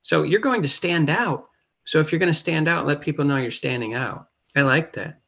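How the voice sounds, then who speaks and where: Male host, gravelly, encouraging, casual interview chat. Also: a little high, bright, forceful tone, lo-fi sound. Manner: encouraging, speaks in quick bursts with acted-out quotes.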